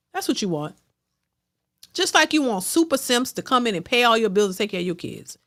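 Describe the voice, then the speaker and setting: A woman's voice, a touch higher than average, pressing her point in a casual commentary rant. She repeats herself for emphasis, preaches, and slips into mocking voices. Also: fairly bright tone. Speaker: reaction channel host.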